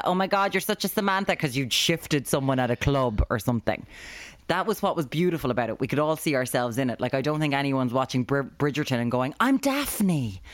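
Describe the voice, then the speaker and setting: A low-pitched woman chatting as co-host of a podcast, lively and storytelling as she goes. The sound is dry and close, recorded remotely from home. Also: dry recording. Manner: chatty, animated storytelling with put-on voices. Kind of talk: casual chat. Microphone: video call.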